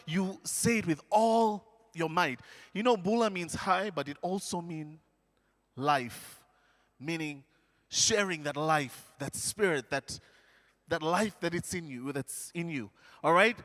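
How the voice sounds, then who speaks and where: A man from Fiji, leading a live audience through a call-and-response lesson on stage with an energetic, coaxing manner. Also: fairly high pitch, measured pace. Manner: energetic, coaxing, counts the crowd in. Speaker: stage presenter teaching an audience. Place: large indoor hall, live event. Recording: echoey large hall.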